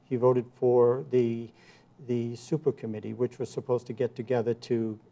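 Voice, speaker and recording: This guest is a congressional candidate whose mid-range voice sounds mellow yet flat, moving at a normal speed. He answers the interview earnestly, restating campaign talking points and starting over now and then.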